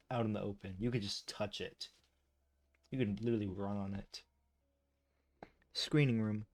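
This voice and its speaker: A man reading game lore aloud, tripping over words and breaking off into chatty, self-deprecating asides. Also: on the low side. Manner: stumbles over words and restarts often. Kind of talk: reading aloud with casual commentary.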